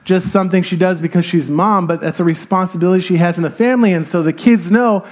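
A man in his thirties giving a sermon, explaining scripture in a relaxed, conversational way with fillers. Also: high voice, fast. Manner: light chuckles and filler sounds. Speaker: pastor.

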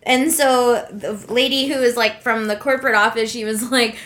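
A woman's voice: fairly high pitch, steady tone, moderate pace, fairly bright tone. A woman from Canada co-hosting a podcast in casual chat, giggling often and filling her talk with "like" and "um". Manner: giggly, frequent fillers like "like" and "um". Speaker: podcast co-host.

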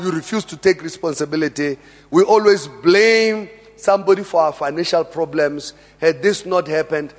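A South African man preaching a sermon in a large church hall, emphatic, with quiet asides and sudden loud bursts. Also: fairly high pitch. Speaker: pastor. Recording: long reverb of a church hall.

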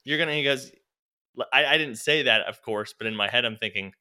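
A man co-hosting a casual chat, telling a profane anecdote with animated delivery and acted-out quotes. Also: mid-range voice, brisk. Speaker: podcast co-host.

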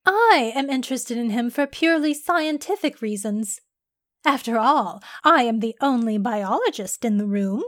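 A woman's voice: a little high, animated, moderate pace, a bit bright, no room sound, studio quality. A woman voicing a boastful, sarcastic female biologist who scoffs at her rival.

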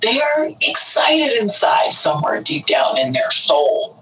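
A woman's voice: low-pitched, very animated, a little slow, creaky, a bit bright, far from the mic, a little hiss or hum, poor audio. A woman talking earnestly and with feeling about parenting teenagers, acting out little quoted voices as she goes. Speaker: parent sharing advice. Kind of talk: casual heartfelt talk.

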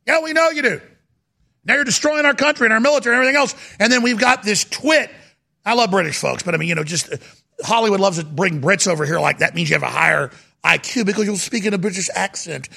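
A middle-aged man hosting a talk show, ranting and mocking, sometimes rising to a shout. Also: high-pitched, vocal fry. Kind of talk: heated political talk show monologue.

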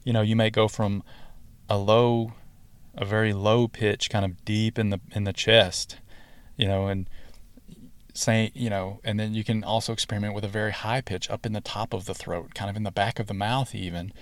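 A man's voice: on the low side, level tone, normal speed, dry recording. A man hosting a spiritual podcast, talking casually with many fillers and restarts. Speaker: podcast host.

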